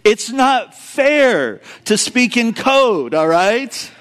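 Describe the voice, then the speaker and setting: Middle-aged male pastor, high voice, animated comic sermon storyteller. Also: very slow. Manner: animated storytelling, acts out quoted voices, addresses the congregation directly. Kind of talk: sermon with humorous stories.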